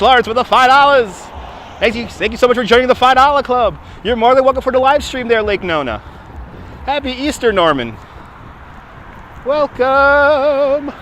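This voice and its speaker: A man's voice: high-pitched, pushed and bright, a little hiss or hum. A man with a Brooklyn accent hosting a casual live stream on a city waterfront, chatting, laughing often and thanking donors, recorded on a phone on a gimbal. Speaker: livestream host.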